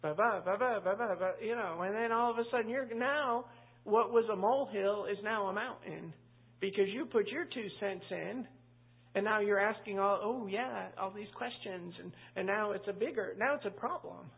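A woman's voice: medium pitch, normal speed, creaky, breathy edge. A woman pastor teaching a Bible study in a chatty, anecdotal way, full of asides. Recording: tinny phone-like line.

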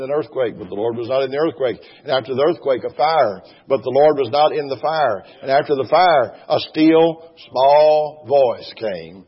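A male preacher delivers a fervent sermon, his voice slightly husky and his speech swelling into loud exclamations as he reads scripture aloud. The sound is dull and muffled, carrying a long echo like a big hall. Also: mid-range voice.

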